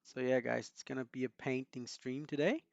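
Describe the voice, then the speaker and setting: A man's voice: mid-range voice, steady tone, brisk, gravelly, darkish tone, no room sound, muffled recording. A man hosting a live stream, chatting casually and greeting viewers by name with frequent chuckles.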